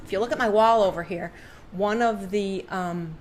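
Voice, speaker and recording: A middle-aged woman, a podcast guest and artist, telling a story in conversation and acting out the voices she quotes with sudden jumps in pitch, in a room hung with her paintings. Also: moderate pace, slight background noise.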